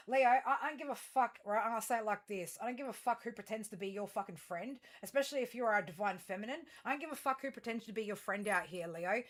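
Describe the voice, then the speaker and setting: A woman's voice: medium pitch, brisk. A woman giving a tarot reading to her viewers, rambling through fillers and restarts and turning blunt and emphatic, with plenty of swearing. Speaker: tarot reader.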